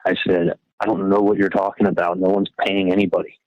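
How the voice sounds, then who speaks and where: A man's voice: low voice, little pitch movement, quick pace, dry recording. A man on a wiretapped phone call, rambling through a retold conversation, quoting the other side and swearing freely. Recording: muffled wiretap phone recording.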